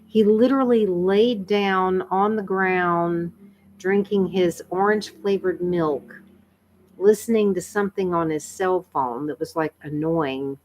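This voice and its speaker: A woman, chatting casually with viewers on a livestream, tired and a bit croaky, laughing often and rambling with fillers. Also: fairly low pitch, a little slow, a little mellow, a little hiss or hum. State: tired, frog in her throat. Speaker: livestream host. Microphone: computer microphone.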